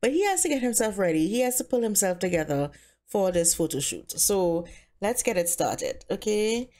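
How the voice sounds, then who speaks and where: A bubbly woman talking through her game in a loose, chatty way, full of little fillers. Her pitch sits right in the middle for a woman. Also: animated, normal speed, warm tone, slight background noise. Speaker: let's player. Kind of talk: casual game commentary.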